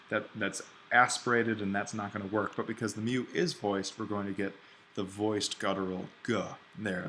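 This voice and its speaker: A man teaching an online Greek grammar lesson, thinking aloud and slowing down to spell out each form. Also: fairly low pitch, fairly bright tone, slight background noise. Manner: explains step by step, thinking aloud; slows down to spell out Greek forms.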